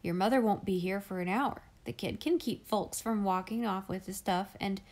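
A woman's voice: mid-range voice, moderate pace, a little mellow, natural voice. A woman voicing a hearty, bantering young man in a read-aloud storybook. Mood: jolly. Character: cheerful joking young man.

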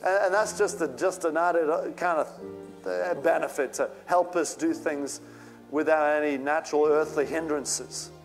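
A man's voice: on the high side, moderate pace, soft background music. A male pastor preaching a sermon with fervent, rising outbursts.

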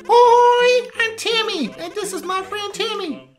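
Shrill squeaky little creature. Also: male voice, a little slow. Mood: hyper. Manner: excited, chirpy greeting. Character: hyper squeaky little cat-dog creature. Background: game music.

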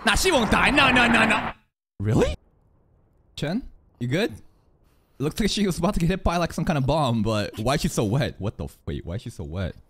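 Excitable swearing anime reaction streamer, a man. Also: normal speed, pauses often, husky. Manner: excitable, swearing, swings from loud outbursts to low mutters. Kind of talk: live anime reaction commentary.

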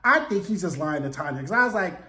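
A man's voice: high-pitched, animated, quick pace, sharp tone, roomy sound. A man giving a casual, sassy and profane recap of a TV episode, acting out quotes in voices.

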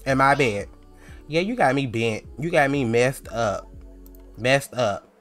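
Brief: sassy jealous young woman in a life-sim story, voiced by a man, confrontational, middle pitch, light music under it. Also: animated, slow pace, fairly bright tone. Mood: furious.

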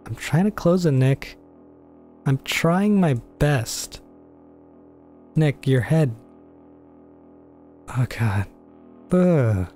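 A man's voice: fairly high pitch, expressive, extremely slow, pauses often, warm tone, soft background music. A young man commentating a game as a let's play, joking and swearing in mock horror as he reads the game's text aloud. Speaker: gaming YouTuber.

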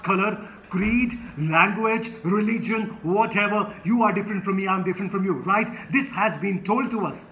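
Earnest man in his forties, high voice. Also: a bit bright, slight background noise. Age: 40s. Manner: earnest, repetitive rhetorical questions. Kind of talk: impassioned personal monologue.

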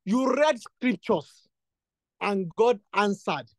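A man with a very high voice leads a prayer meeting, pressing the same phrases again and again and rising into fervent bursts. His voice sounds dry and close, with no room echo. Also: expressive, slow. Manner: repetitive, insistent, builds to fervent bursts. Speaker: prayer leader. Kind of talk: exhortation and spoken prayer.

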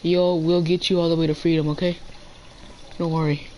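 In a rough recording with slight background noise, a teenage boy casually chats during a video game, playfully addressing the in-game animals. His voice is on the high side and darkish, with little pitch movement and a moderate pace.

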